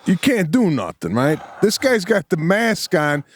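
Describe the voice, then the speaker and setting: A man co-hosting a podcast, casually telling an animated story and acting out the voices of the people in it. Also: high-pitched, measured pace. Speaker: podcast co-host.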